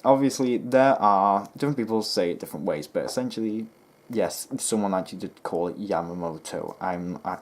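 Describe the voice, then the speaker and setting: A man with a deep, low voice talks straight to his viewers in a loose, rambling way. He sounds exasperated, with plenty of ums, false starts and restarts. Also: fairly quick. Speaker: history video host. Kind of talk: casual rambling commentary to camera.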